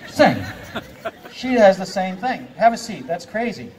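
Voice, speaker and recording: On a live theater stage, a man plays a stage hypnotist, laughing often as he gives volunteers playful commands in typical show patter. His voice sits high and sing-song, unhurried and a little mellow. The distant live stage recording carries some chatter behind him and a little hiss or hum.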